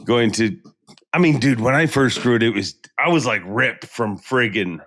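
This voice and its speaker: A man's voice: medium pitch, normal speed, fairly bright tone. A man hosting a casual podcast chat, joking and rambling with lots of restarts. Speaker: podcast host and tournament emcee.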